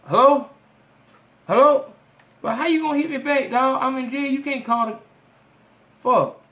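A man's voice: moderate pace, fairly bright tone, roomy sound. A man doing an indignant jailed man. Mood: indignant pleading. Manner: strained high voice, profane street slang.

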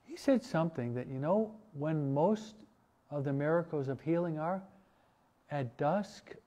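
A man, a priest, teaching a parish catechesis class in a relaxed, conversational way, asking his listeners questions. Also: fairly high pitch, measured pace. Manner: conversational, asks the audience questions, many restarts and asides. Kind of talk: informal parish teaching talk.

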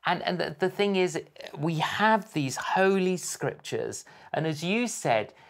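A man in his sixties hosting an interview, speaking in a measured, halting way with frequent pauses and fillers. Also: on the high side, expressive, vocal fry. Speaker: host, evangelist. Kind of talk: interview conversation.

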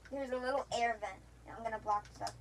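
A woman's voice: fairly high pitch, a little fast, slight background noise, low-quality recording. A young woman chatting casually with a friend while gaming, rambling with many restarts and playful teasing. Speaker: gamer.

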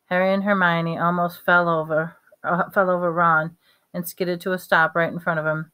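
A woman reading a novel aloud at a steady pace, with small slips and restarts. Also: lowish voice, normal speed, smooth. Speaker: reader.

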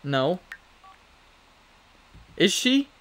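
A man's voice: high voice, very animated, drawn-out words, a bit bright. Chatty man commentating his gameplay. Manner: chatty, talks to the game characters, laughs often. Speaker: let's play gamer.

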